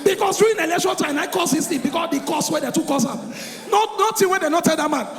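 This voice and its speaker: A Nigerian man doing a stand-up comedy routine on a live stage, loud and excitable, often breaking into shouts. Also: very high-pitched, fast talker, faint music behind. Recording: echoey live venue with crowd.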